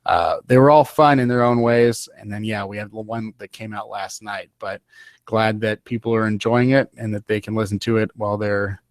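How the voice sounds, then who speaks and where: A man's voice: fairly low pitch, steady tone, normal speed, no room sound, studio quality. A man hosting a podcast, talking loosely with many fillers and restarts. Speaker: podcast host. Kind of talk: casual podcast chat.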